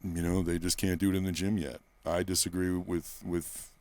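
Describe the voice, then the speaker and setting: A male personal trainer in a candid interview, talking bluntly and profanely and rambling through stories, close to the microphone in a quiet room. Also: sits low, level tone, normal speed, dry recording.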